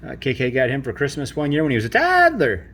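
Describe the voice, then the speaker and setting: A man's voice: medium pitch, wildly swooping pitch, fast talker, fairly bright tone. A man in his thirties hosting a playful family video at home, jokey and mock-pompous as he introduces toys. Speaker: host.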